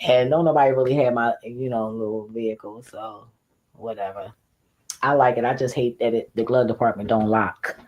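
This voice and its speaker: A woman talks straight to her stream in a loose, rambling rant. Her delivery is animated and full of swearing, broken up by frequent laughs. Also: a bass voice, fairly quick, poor audio. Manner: animated, profane, laughs often. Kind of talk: casual ranting monologue.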